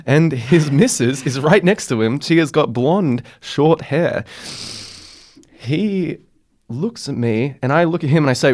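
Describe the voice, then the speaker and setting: A young man hosts a casual podcast, rambling through a story in an expressive, somewhat dark, medium-pitched voice at a measured pace. He says "like" constantly and laughs as he tells it.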